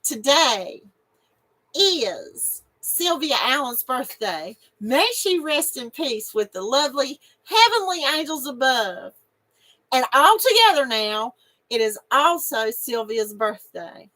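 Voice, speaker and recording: Giggly high-voiced woman streamer. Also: big pitch swings, takes it slowly, pushed and bright, rough recording. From North Carolina, USA. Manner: giggly, chatty and emotional, laughs often. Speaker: live stream host. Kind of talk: casual live stream chat, reading viewer comments.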